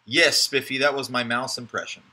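A man's voice: mid-range voice, steady tone, moderate pace, pushed and bright. A man hosting a live card break, giving chatty, joking running commentary as he opens packs.

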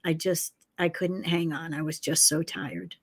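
Tired, apologetic dead husband, a woman relaying him, hushed and weary. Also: sits low, a little slow. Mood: sorrowful.

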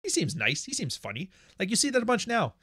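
A man's voice: sits high, fast talker, husky, no room sound, clean studio sound. Blunt, profane male livestream host. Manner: blunt, profane, animated storytelling. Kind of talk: casual livestream monologue.

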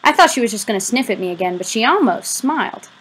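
A woman reading a novel aloud as an audiobook, giving the first-person narration a lively, expressive delivery. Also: a little high, quick pace, slightly rough, poor audio. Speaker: audiobook reader.

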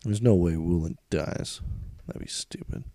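Dark-voiced cursing gamer man. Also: deep voice, a little slow, dry recording. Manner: profane, grumbling, calls out the game's unfairness. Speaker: let's play gamer. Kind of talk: video game commentary.

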